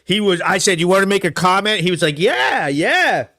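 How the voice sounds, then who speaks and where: A man hosting his own live show alone in a studio, excitable and laughing, swearing freely. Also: sits high, quick pace. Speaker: host. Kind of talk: solo live show commentary.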